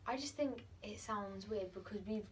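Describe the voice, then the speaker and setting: A woman's voice: mid-range voice, moderate pace, recorded from a distance, low-quality recording. Young woman, drama student, casual, asks the group questions; faint background noise.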